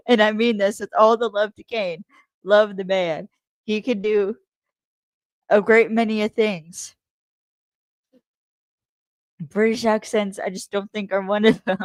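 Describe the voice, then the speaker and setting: A woman's voice: mid-range voice, fairly even intonation, unhurried, long pauses, dry recording. A woman hosting a casual solo podcast recap, talking in a rambling, profane way with lots of fillers. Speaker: podcast host.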